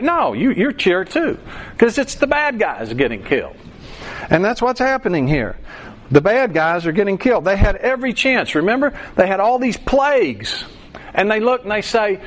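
A man's voice: high-pitched, moderate pace. A man preaching a sermon verse by verse, acting out quoted voices and bursting into song. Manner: animated preacher, acts out voices and sings a line. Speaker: pastor.

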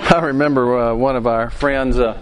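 A man's voice: mid-range voice, fairly even intonation, normal speed, very noisy. A man preaching a sermon, quizzing the congregation with questions and acting out quoted outbursts. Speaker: pastor. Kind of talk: interactive sermon.

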